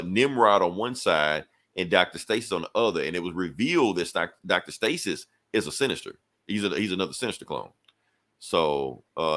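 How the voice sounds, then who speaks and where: A man's voice: low-pitched, fairly bright tone. A man hosting a podcast, casually recapping a comic book in a rambling, slangy way. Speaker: podcast host.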